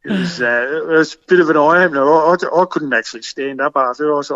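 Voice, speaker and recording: A man's voice: medium pitch, fast, hardly any pauses, a bit bright, no room sound, muffled recording. An Australian man guesting on a podcast, rambling casually and calling everyone mate. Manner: rambling, says "mate" constantly, friendly and eager. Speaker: guest, game meat cook. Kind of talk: casual interview chat.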